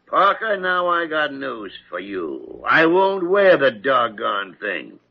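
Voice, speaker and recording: Cantankerous senior doctor, gravelly and lively, old radio broadcast sound. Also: male voice, mid-range voice, slow pace, dull audio, heavily acted. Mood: indignant. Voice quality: gravelly, sputtering, indignant. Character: grumpy blustering older male hospital chief. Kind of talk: 1940s radio acting.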